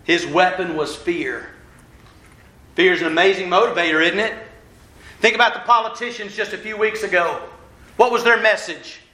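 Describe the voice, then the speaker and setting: A man's voice: high voice, steady tone, moderate pace, pauses often, pushed and bright. A man giving a folksy, self-deprecating sermon as a minister, walking around as he talks. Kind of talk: conversational sermon. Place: church hall. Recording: echoey church hall.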